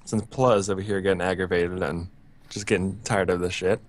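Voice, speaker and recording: A man's voice: deep voice, fairly even intonation, brisk. A man playing a tabletop game, asking lots of questions about how to take his turn. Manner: unsure, asks a lot of questions about the game. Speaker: player. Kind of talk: casual tabletop game chat.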